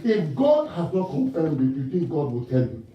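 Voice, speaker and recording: A man from Ghana preaches animatedly at normal speed, his voice a little high, leading call-and-response questions and laughing at his own stories. The muffled recording comes from a distant mic in a reverberant church hall.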